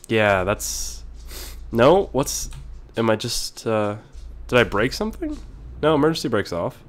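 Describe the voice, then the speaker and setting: A man hosting a casual let's-play video while sick, clearing his throat often, excitable and quick to yell and swear when things go wrong. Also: medium pitch. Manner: excitable, swears and yells at mishaps. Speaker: gaming video host.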